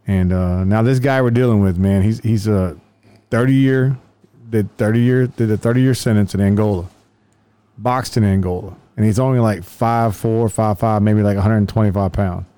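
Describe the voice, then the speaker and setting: A man tells a long police story in a loose, profane ramble, with a dark, mellow voice in a dry, close room. When he quotes people, his pitch jumps up and he acts them out. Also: normal speed, clean tone, no room sound. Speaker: police officer telling stories. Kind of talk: casual storytelling chat.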